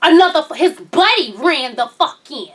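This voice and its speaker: A woman vlog host telling a story in casual chat, loud, laughing and cussing as she goes. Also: sits high, expressive, normal speed, recorded from a distance.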